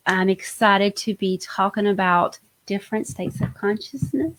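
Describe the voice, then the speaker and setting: A woman's voice: mid-range voice, measured pace, hardly any pauses, fairly bright tone. A woman hosting a live-stream tarot reading, chatty and enthusiastic, often trailing off and restarting her sentences. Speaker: host, tarot reader.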